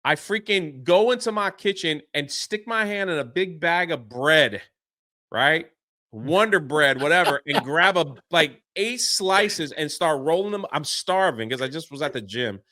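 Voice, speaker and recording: A man telling a story as a podcast guest, excitable and quick to act out what others said. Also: a little high, no room sound, studio quality. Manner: excitable, swears mildly, acts out quotes. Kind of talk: animated storytelling.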